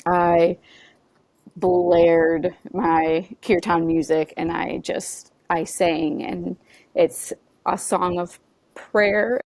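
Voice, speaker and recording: A woman appearing as a podcast guest shares a personal story earnestly, her halting talk packed with "like" and "you know." Her voice sits low with little pitch movement, creaky and slightly mellow, recorded with no echo.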